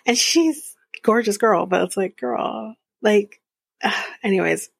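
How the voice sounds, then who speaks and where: A woman's voice: mid-range voice, slow, vocal fry, husky, no room sound. A woman hosting a podcast, recapping a reality show in a blunt, exasperated way and swearing freely. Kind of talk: casual recap commentary.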